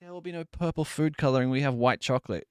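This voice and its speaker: A man's voice: a little high, quick pace, clean tone, no room sound, clean studio sound. A man live-streaming from his desk at home, chatting casually, joking, laughing and swearing while he bakes.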